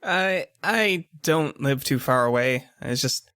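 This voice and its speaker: A man's voice: mid-range voice, lively intonation, slow pace, sharp tone, clear, resonant tone, dry recording, clean studio sound, pitched above the performer's own voice. A man voicing a young boy who was just rescued. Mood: eager. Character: excited young boy saved by a hero.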